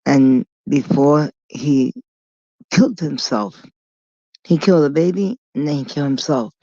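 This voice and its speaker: Slow-talking blunt, profane woman vlogger. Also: deep voice, mellow, no room sound. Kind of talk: rambling storytelling monologue. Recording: dull lo-fi recording.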